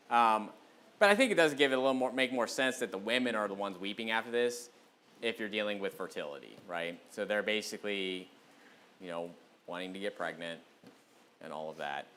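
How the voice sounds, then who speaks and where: A man giving a casual, rambling sermon as a pastor, with many fillers and restarts, who reads scripture aloud slowly and with more force. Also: mid-range voice, a bit bright. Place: church sanctuary.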